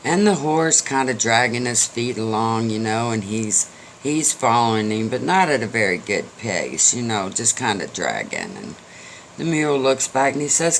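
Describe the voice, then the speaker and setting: An older man spins a folksy story in a chatty, joking way. His voice sits at a middle pitch, with a faint hiss of noise under the recording. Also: sing-song, moderate pace, fairly bright tone. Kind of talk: casual storytelling.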